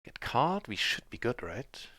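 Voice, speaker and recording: A man streaming live poker, chatting through his hands in a mutter that breaks into excited shouts on big wins. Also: mid-range voice, measured pace, no room sound, clean studio sound.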